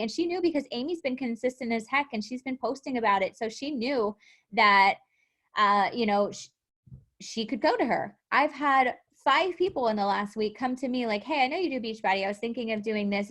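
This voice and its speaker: A young woman gives a motivational live talk to her coaching team. Her voice sits a little high, and she stays animated, acting out quotes and laughing often. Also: a little fast. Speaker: fitness coach.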